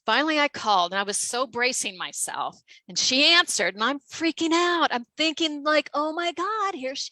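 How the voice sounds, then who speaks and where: A woman's voice: high-pitched, animated, a little fast, few pauses, pushed and bright, no echo, rough recording. A woman guest telling a story in casual chat, full of fillers and acted-out quotes. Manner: chatty, many fillers, acts out quotes.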